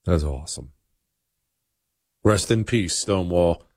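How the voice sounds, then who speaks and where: A man's voice: low voice, animated, a little slow, darkish tone, no room sound, studio quality. Blunt, emphatic male talk radio host. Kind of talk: opinionated radio monologue.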